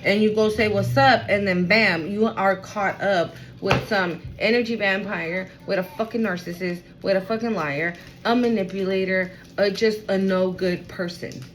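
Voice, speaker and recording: A woman's voice: medium pitch, fairly even intonation, normal speed, hardly any pauses, poor audio. A woman giving a casual tarot reading at home, talking in a chatty, slangy way full of fillers. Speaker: tarot reader.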